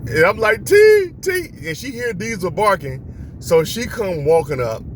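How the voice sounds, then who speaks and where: Man from Florida, casual animated storyteller, lively higher voice, street noise. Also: moderate pace. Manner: animated, acts out voices, laughs often. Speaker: vlogger. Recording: outdoor street and traffic noise.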